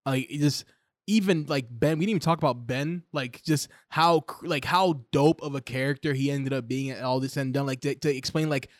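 A young man in casual podcast chat, excited and profane, rambling with lots of "like"s. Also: medium pitch, a little fast, dry recording, studio quality. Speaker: podcast co-host. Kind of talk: casual chat reviewing a show.

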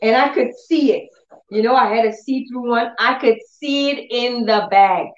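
A woman preaching a faith-healing sermon, telling stories with animated acted-out dialogue. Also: fairly high pitch, normal speed, roomy sound, muffled recording. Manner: animated storytelling, acts out dialogue in changed voices.

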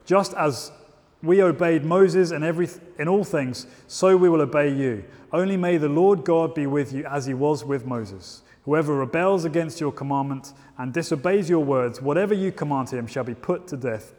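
A man's voice: fairly high pitch, darkish tone. A man preaching a sermon and reading scripture aloud at a church service, informal and self-deprecating with asides and restarts. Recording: long reverb of a church hall.

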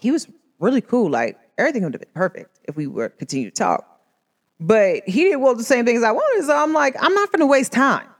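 A young woman chatting casually and animatedly, telling a personal story with slang and acted-out voices. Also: fairly low pitch. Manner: animated, expressive, slangy, acts out voices in her stories.

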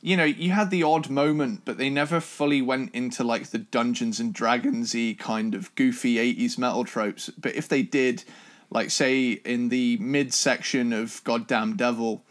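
A man's voice: medium pitch, fairly even intonation, normal speed. Chatty man reviewing an album. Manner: enthusiastic, rambling with restarts and swearing. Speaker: podcast co-host. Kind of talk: casual music review chat.

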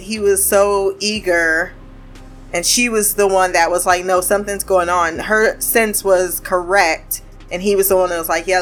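A woman's voice: lowish voice, fairly bright tone. Chatty woman recapping a TV episode. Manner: chatty, laughs often, acts out quoted lines. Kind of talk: casual recap and commentary.

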